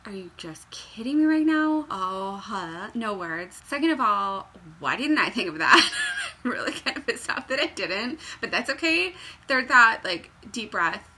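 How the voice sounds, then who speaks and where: A woman's voice: fairly high pitch, sing-song, a little slow, sharp tone, breathy edge. A young woman chatting through a knitting tutorial at home, bubbly and rambling, with sudden squeals, jokes and whispered asides. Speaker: knitting pattern designer. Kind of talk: chatty craft tutorial vlog. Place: home room by a fireplace.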